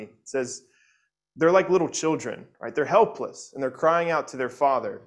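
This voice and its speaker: A man's voice: fairly high pitch, normal speed. A man preaching an expository sermon, earnest, often repeating words and checking in with "right?", and reading scripture aloud with feeling. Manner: reads scripture aloud expressively. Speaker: pastor.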